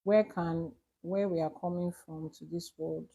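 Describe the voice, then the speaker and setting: A woman's voice: lowish voice, steady tone, unhurried, mellow, slightly rough. A Nigerian woman, an Ifa priestess, teaching on a live stream and answering viewers' questions, explaining with examples and repeating her key points. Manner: explains with examples and repetition, emphatic.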